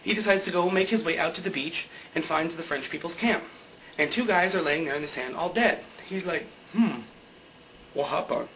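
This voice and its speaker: Rambly young guy recapping a show, kinda high voice, dull lo-fi mic with a faint hiss. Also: a little fast. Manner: rambling and animated, with lots of "like". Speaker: vlogger recapping a TV episode. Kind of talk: casual spoken recap. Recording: dull lo-fi home recording.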